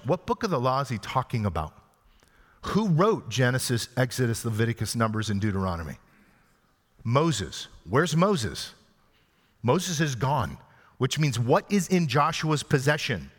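A man's voice: medium pitch, a bit bright. A male pastor giving an expository sermon in a conversational way, asking the congregation questions as he goes. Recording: long hall reverb.

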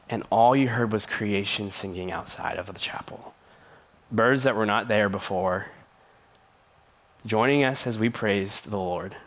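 A young man giving a sermon as a youth pastor, earnest and conversational, with playful asides. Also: lowish voice.

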